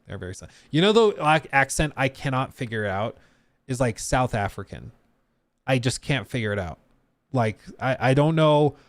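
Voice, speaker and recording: A man's voice: medium pitch, sing-song, moderate pace, dry recording. A man streaming live, talking casually and answering his chat, with frequent fillers and trailing asides.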